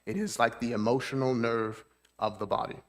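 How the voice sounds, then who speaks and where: A man's voice: medium pitch, fairly even intonation, normal speed. A man, a therapist, giving a talk at a church seminar. He explains things plainly, keeps checking in with the audience, and lifts his voice to act out moods.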